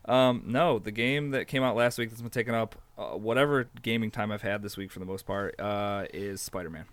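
A man's voice: fairly low pitch, a little fast, no echo. A man co-hosting a gaming podcast, chatting casually with a wry, teasing manner. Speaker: podcast co-host. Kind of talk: casual chat.

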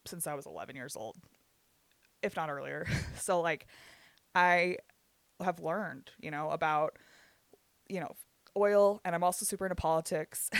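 A man's voice: on the high side, a bit bright, no echo. A man in his twenties telling a heated story in casual chat, swearing freely and laughing between lines. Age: 20s.

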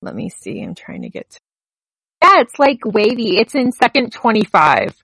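A woman's voice: a little high, wildly swooping pitch, moderate pace, vocal fry, fairly bright tone, husky, no echo, rough recording. Giggly woman with a bouncy voice, podcast chat, dry close mic. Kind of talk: casual chat.

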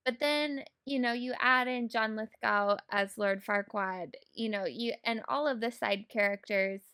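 A woman in a casual movie discussion, animated, laughing often and swearing freely. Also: fairly high pitch, a little slow, clean tone.

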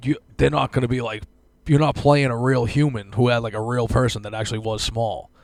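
A man's voice: mid-range voice, little pitch movement, fairly quick, vocal fry, no echo. A man, hosting a podcast with wry, laid-back teasing. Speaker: podcast host and editor. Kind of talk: casual podcast banter.

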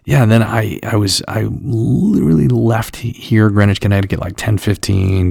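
A man's voice: low voice, creaky, darkish tone, dry recording, studio quality. A middle-aged American man co-hosting a podcast, telling a rambling, cursing story about his busy weekend in casual chat. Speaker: podcast co-host.

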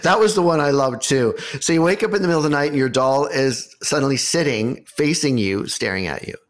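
A man hosting a podcast, telling a story in a casual, animated way with wry asides. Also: fairly high pitch, fairly quick.

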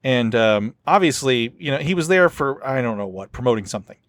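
A man chats casually as a podcast host. His voice sits at an ordinary pitch, and he rambles, stacking fillers and restarts as he tells a story. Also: animated, brisk, dry recording. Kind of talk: casual chat.

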